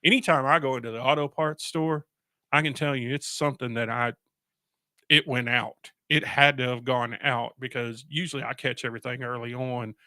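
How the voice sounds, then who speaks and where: Man, animated storyteller, bright voice, dry studio mic. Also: mid-range voice, moderate pace, no room sound. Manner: animated, chuckles while telling stories. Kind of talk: casual storytelling chat.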